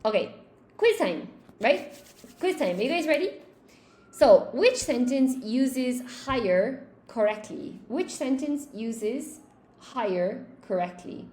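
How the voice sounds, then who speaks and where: Woman teacher, live-stream lesson; chatty, thinks aloud, answers chat; slightly high voice, roomy echo. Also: big pitch swings, slow. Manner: chatty, thinks aloud, repeats thanks warmly to viewers. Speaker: English teacher.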